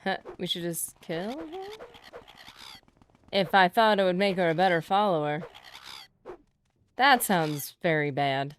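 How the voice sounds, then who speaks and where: A woman's voice: fairly low pitch, a little slow, pauses often, slight background noise. A woman streaming a game live, chatting playfully with her viewers as she plays. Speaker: gaming streamer. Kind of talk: casual live gameplay commentary.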